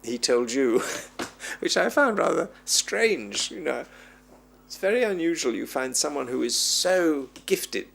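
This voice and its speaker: A man's voice: on the high side, unhurried, creaky, a little hiss or hum. A man being interviewed as a film historian, reminiscing at length and acting out the voices of people he quotes. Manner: animated storyteller who acts out quoted voices.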